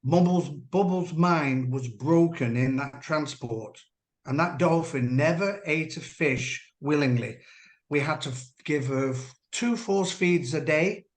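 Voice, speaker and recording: Speaking as an interview guest, a man who once trained dolphins shares earnest personal testimony, measured and halting, often restarting. His pitch is medium, with a roomy echo around him.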